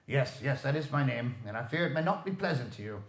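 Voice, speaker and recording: A man's voice: medium pitch, expressive, fast, lightly acted. A man playing an old miser, now reformed and overjoyed, with eager, effusive speech. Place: library room. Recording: echoey room.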